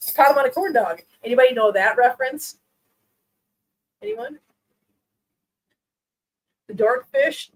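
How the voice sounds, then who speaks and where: A woman with a high voice hosts a relaxed live stream and talks loosely with her viewers. She laughs often and switches into cooing baby talk for her cats. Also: slow pace, long pauses, slightly rough, rough recording. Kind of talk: casual live-stream chat with viewers and pets.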